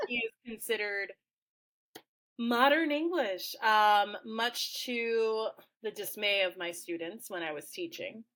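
A woman's voice: medium pitch, a bit bright. A woman co-hosting a casual educational podcast, a former teacher who talks playfully with many fillers and frequent laughs. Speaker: podcast co-host.

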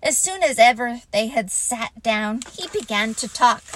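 A woman reads a children's story aloud, slow and gentle, with a lively, rising and falling melody. Her voice sits fairly high and sounds close and dry. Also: heavy background noise.

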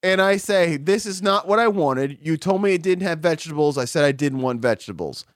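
A man's voice: a little high, expressive, a little fast, no room sound, studio quality. A man telling a story in casual chat, swearing often and rambling through fillers. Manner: rambling, profane, many fillers.

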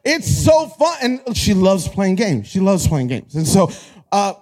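A young adult man preaching a sermon as pastor, animated, rising to shouts and acting out quoted voices. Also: high-pitched. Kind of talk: energetic sermon.

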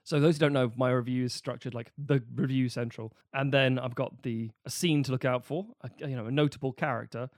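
A man's voice: medium pitch, fairly even intonation, a little fast, hardly any pauses, no echo, studio quality. A man co-hosting a casual film podcast, chatty and wry as he reviews films.

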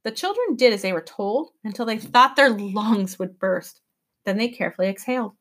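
A woman teacher reading a novel aloud to her class with expressive storytelling delivery. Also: medium pitch, moderate pace.

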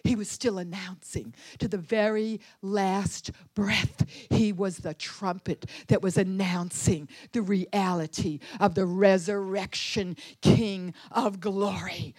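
A woman preaching a sermon with a fervent, dramatic delivery, dropping to hushed tones and rising to crying out. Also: mid-range voice, fairly even intonation, takes it slowly, hardly any pauses, no echo. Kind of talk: impassioned sermon storytelling.

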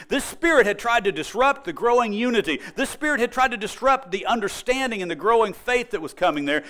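A male pastor preaching a sermon with a high, lively voice that rises and drops dramatically. He is emphatic and builds his points through repetition. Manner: emphatic, expressive, repetitive for effect.

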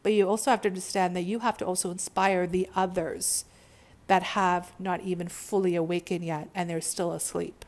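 A woman's voice: fairly low pitch, little pitch movement, moderate pace, darkish tone. A woman who works as a spiritual healer, giving an emphatic, slangy motivational monologue laced with swearing. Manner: emphatic, preachy, profane, slangy.

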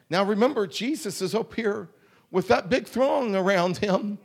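High-voiced guy preaching revival, slow and drawn out, goes quiet then hollers. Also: gravelly. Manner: swings from quiet murmurs to shouted whoops. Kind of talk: revival sermon.

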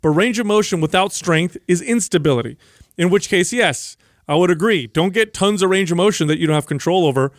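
A man's voice: sits high, a little fast, no room sound, studio quality. A man co-hosting a casual fitness podcast, explaining emphatically and correcting misconceptions. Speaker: podcast co-host.

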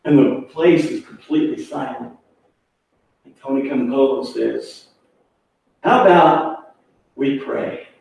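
Impassioned preacher in an echoey hall. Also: male voice, medium pitch. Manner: impassioned, animated storyteller. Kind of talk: sermon storytelling. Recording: echoey hall, mic far off.

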